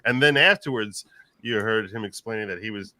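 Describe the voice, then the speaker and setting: A man with a lowish voice speaks emphatically as a guest on a casual legal panel. His delivery is animated. The sound is dry and close, with no room echo. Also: fairly quick.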